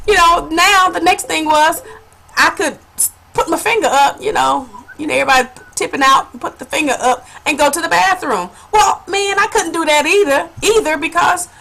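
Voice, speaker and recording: Bright, lively woman telling a funny story. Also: high-pitched, fairly quick, gravelly. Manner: animated, laughing, addresses viewers as honey. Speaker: vlogger. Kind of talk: casual storytelling to camera.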